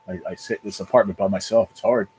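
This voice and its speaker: A man hosting his own livestream from his apartment, talking casually and emotionally in a halting, repetitive way with a lot of swearing. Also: on the low side, little pitch movement, darkish tone, a little hiss or hum, poor audio. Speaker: livestream channel host. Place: apartment at home.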